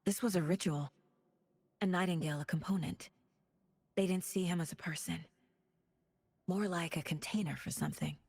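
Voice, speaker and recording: An actress playing a focused, analytical FBI profiler in a video game, speaking in a low, measured, often hushed way. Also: female voice, creaky, breathy edge, dry recording. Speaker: game character.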